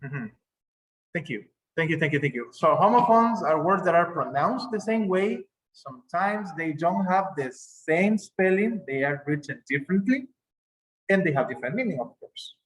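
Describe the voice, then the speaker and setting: A man's voice: fairly high pitch, animated, normal speed, rough recording. A man who speaks Spanish as a first language, teaching an English class on a video call in a patient manner, repeating words for emphasis.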